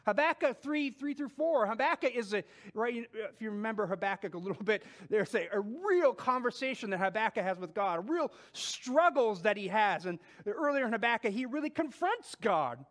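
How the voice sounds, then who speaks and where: A man with a fairly high voice preaches a sermon. He talks conversationally and keeps going with fillers and restarts. When he reads scripture he slows down and gives the words weight. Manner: animated, with quoted scripture spoken slowly. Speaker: pastor.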